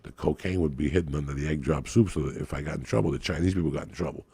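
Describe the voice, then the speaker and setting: A man telling crude, profane comic stories on a podcast in a rambling, raucous way, with a gravelly, raspy voice. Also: extremely low pitch, rapid-fire, mellow, no echo. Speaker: podcast guest.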